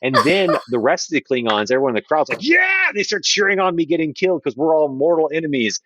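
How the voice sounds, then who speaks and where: A man guest on a podcast telling a playful anecdote in a casual, animated way. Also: on the high side, quick pace, no echo, muffled recording. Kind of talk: casual storytelling.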